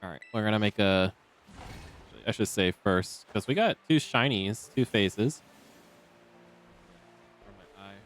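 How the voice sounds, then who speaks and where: A man's voice: fairly low pitch, lively intonation, unhurried, pauses often, a bit bright. A man streaming a video game, chatting casually and rambling with many ums into a desk microphone. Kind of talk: casual live-stream chat. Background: faint game music.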